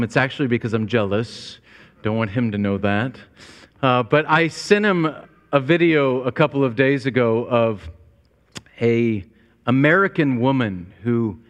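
A pastor preaches a sermon to his congregation in a church sanctuary, earnest and telling stories, his words carrying a long church reverb. His voice is mid-range and a little slow.

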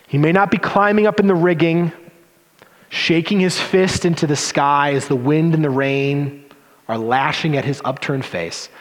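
A man preaching a sermon as pastor, animated and given to sarcastic asides. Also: medium pitch. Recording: long reverb of a hall.

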